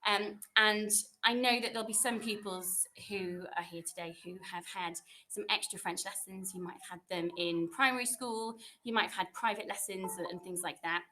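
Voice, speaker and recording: A woman's voice: medium pitch, steady tone, moderate pace, few pauses, bright, forceful tone, a little hiss or hum. A woman secondary school French teacher giving a chatty, reassuring welcome talk to new pupils over a computer microphone from her classroom, with lots of fillers and restarts.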